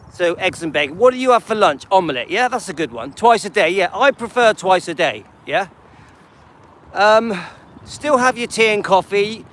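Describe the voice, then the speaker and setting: A man's voice: high-pitched, fairly bright tone, slight background noise. A man hosting a live stream, casually answering viewers by name and often checking in with "yeah?" and "okay?". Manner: frequent restarts and repetition. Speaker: livestream host.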